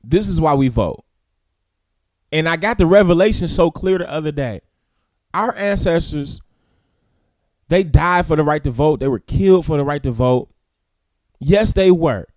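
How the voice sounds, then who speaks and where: A man hosting a morning talk show, giving preacherly, emphatic commentary that climbs to loud peaks and drops low. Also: expressive, normal speed, pauses often, no echo, clean studio sound. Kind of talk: impassioned commentary and news reading.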